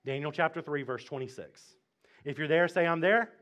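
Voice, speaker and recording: A man's voice: fairly high pitch, normal speed, a bit bright, dull audio. A male pastor from Mississippi, retelling a scripture story in a casual, joking sermon. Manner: conversational, jokey, retells scripture in slang.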